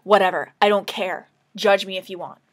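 A woman's voice: medium pitch, steady tone, normal speed. Tearful woman rambling anxiously to camera. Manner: rambling, anxious and emotional, often dropping to a whisper. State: tearful, crying. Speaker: vlogger. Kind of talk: casual confessional vlog.

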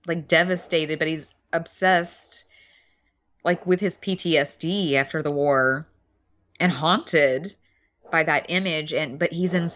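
A woman co-hosting a podcast, chatting casually about a film as an animated storyteller who acts out quotes. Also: on the low side, lo-fi sound. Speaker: podcast co-host.

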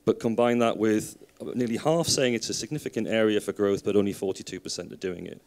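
Low-voiced man commenting from the audience. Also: darkish tone. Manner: measured, builds an argument from numbers. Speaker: audience member.

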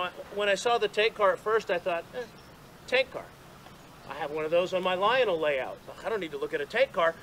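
Man, fairly high voice, chatty outdoor dedication speaker, self-deprecating, faint outdoor noise behind. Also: a bit bright, poor audio. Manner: chatty, self-deprecating, frequent restarts and laughs. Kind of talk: outdoor storytelling speech. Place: outdoors at a gathering.

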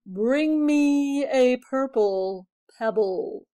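A woman voicing a magic lizard in a children's storybook reading, speaking slowly and solemnly. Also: high-pitched, dark tone. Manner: slow, measured, solemn. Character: magic lizard, slow, grand and mysterious.

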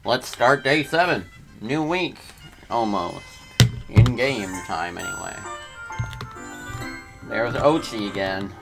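A man's voice: on the low side, expressive, takes it slowly, vocal fry, long pauses, music in the background. A man hosting a let's play, giving casual, slangy gameplay commentary as he thinks aloud.

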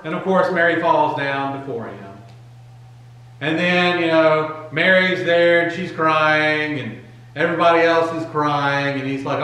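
A male pastor preaching with a slightly high voice, speaking slowly and with emphasis. He retells scenes in a relaxed, conversational way. His voice rings through a very echoey church room. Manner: conversational, emphatic, voicing Bible figures casually. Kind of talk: sermon. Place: church sanctuary.

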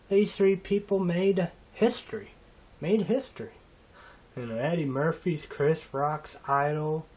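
A man rambling through a halting, emotional monologue in a casual vlog, trailing off and restarting often. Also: mid-range voice, darkish tone. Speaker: vlogger.

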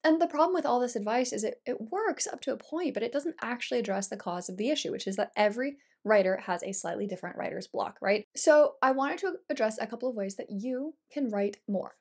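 A woman's voice: a little high, fairly quick, few pauses, husky. A woman talking to the camera as a writing coach, chatty and direct, with emphatic delivery. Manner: chatty, direct, addresses the viewer. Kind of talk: casual instructional vlog.

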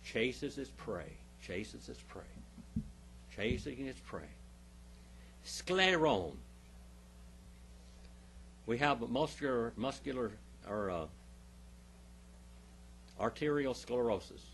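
A man's voice: medium pitch, lively intonation, takes it slowly, vocal fry, long pauses, slight background noise. A male pastor teaching a Bible class, emphatic, stopping often to quiz his listeners with questions.

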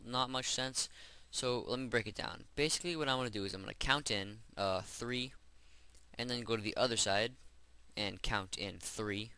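With no echo, a man's clear, resonant, mid-range voice comes through pushed and bright as he hosts a Minecraft gameplay voice-over. He chats casually and rambles while showing each step of the build.

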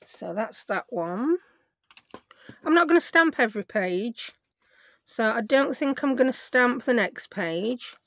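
A woman hosting a crafting tutorial, her voice croaky, chatting and thinking aloud as she works at her craft desk at home. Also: a little high, lively intonation, measured pace, a bit bright, no room sound. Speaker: craft video host.

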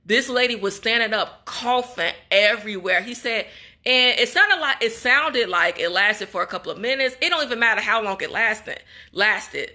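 A young woman from Chicago speaks in a casual vlog, upset and hurt as she talks straight to her viewers. Her voice sits a bit high, with a bright, forceful tone. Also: lively intonation, normal speed. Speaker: vlogger and graduate student. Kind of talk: casual emotional vlog monologue.

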